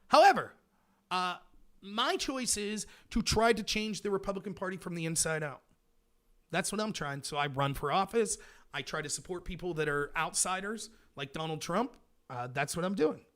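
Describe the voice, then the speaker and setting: A man's voice: high-pitched, lively intonation, normal speed, fairly bright tone. A man hosting a political livestream, ranting sarcastically while answering his chat. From United States. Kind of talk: livestream commentary reading chat.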